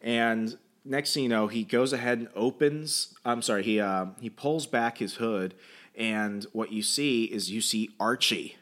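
A man's voice: on the low side, measured pace, a bit bright. A man podcaster casually recapping a comic, rambling and jokey, humming filler.

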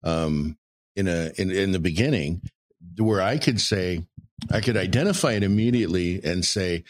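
A man's voice: deep voice, lively intonation, moderate pace, no room sound. A man candidly telling stories from his marriage in an earnest, emphatic way. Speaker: married guest sharing relationship experience. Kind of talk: candid conversational storytelling.

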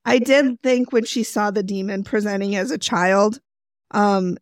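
A woman co-hosting a podcast in casual chat with friends, gushing and quick to chime in with agreement. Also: medium pitch, no room sound, studio quality. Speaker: podcast co-host.

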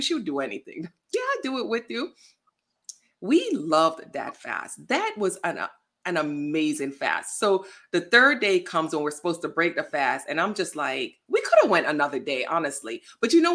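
A woman guest on a chatty podcast, her pitch swinging widely as she tells stories. She acts out what friends and strangers said in quick little voices. The delivery is loose and conversational. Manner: animated storytelling, acts out quotes. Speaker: guest, plant-based lifestyle influencer. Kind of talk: casual podcast chat.

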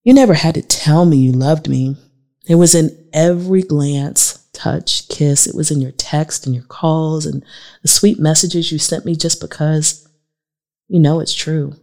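A woman reading the part of a patient, calm bald man who pleads tenderly with his lover in a memoir audiobook. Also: deep voice, measured pace.

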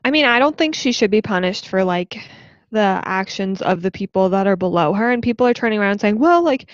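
A woman's voice: mid-range voice, a little fast, dry recording, lo-fi sound. A young woman in her twenties co-hosting a casual podcast, easygoing and agreeable, peppering her talk with "yeah" and "like". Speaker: podcast co-host. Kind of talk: casual chat.

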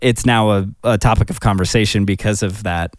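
Low-voiced man explaining casually. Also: steady tone, a little fast, no room sound, studio quality. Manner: thoughtful, explaining at length. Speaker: podcast co-host. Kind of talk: casual chat.

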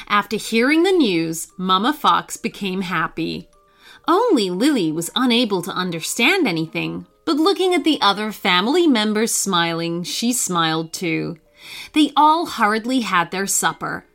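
A woman narrating a bedtime story for children, reading slowly and expressively. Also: medium pitch, sing-song, fairly bright tone.

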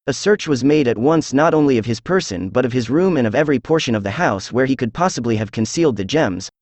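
A man's voice: mid-range voice, animated, fast talker, a little mellow, dry recording. Synthesized man reading an audiobook. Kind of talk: audiobook narration.

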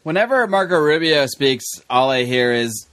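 A man's voice: medium pitch, expressive, normal speed, a bit bright. A man hosting a casual political podcast, rambling and joking while drinking. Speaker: podcast host.

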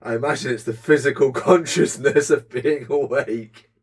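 A man's voice: medium pitch, moderate pace, a little mellow, husky. A young man co-hosting a casual podcast chat, dry and sarcastic, swearing now and then. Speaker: podcast co-host.

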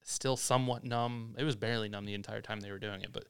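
A man co-hosting a loose, casual chat and telling his own story. His voice sits fairly low and sounds smooth and clear. He talks in an easygoing way and swears casually. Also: fairly even intonation, fast talker, a bit bright. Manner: laid-back, swears casually. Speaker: podcast co-host.

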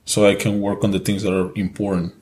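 A man's voice: on the low side, flat delivery, fast, darkish tone, slight background noise. A man with a Mexican accent, Spanish his first language, co-hosting a casual podcast in an earnest, repetitive way, swearing freely. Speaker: podcast co-host.

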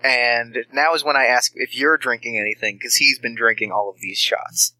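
Bright-voiced man running a tabletop game. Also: medium pitch, fairly even intonation, moderate pace, dry recording, poor audio. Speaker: game master.

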